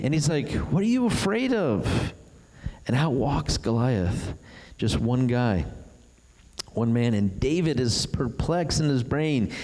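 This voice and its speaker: A man preaching a sermon, retelling a story with animated delivery and acting out the characters' voices. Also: medium pitch. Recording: long hall reverb.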